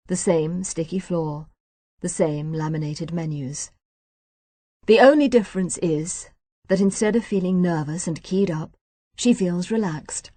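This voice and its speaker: A woman narrating a novel in measured storytelling, voicing each character herself. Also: deep voice, mellow, no room sound. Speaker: audiobook narrator. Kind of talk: scripted narration. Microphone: close studio mic.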